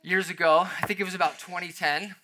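A young adult man preaching a sermon, dropping to a soft emphasis on key phrases and swinging his loudness up and down. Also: high voice, steady tone, brisk. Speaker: pastor.

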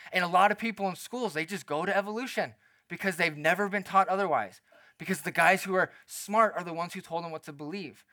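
A male pastor preaching in a lively, conversational way, often slipping into the voices of the people in his story. His voice is high and bright, with a lot of spark to it. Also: no echo. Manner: animated, conversational, acts out quotes. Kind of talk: sermon.

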